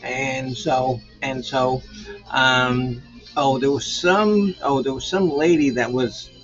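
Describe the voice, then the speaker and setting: A man's voice: mid-range voice, steady tone, slow pace, a bit bright. A man in his sixties hosting his own show, chatting casually and rambling with lots of fillers and jokes. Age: 60s. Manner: rambling, jokey, full of fillers. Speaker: show host. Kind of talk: casual livestream chat. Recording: lo-fi sound with faint background music.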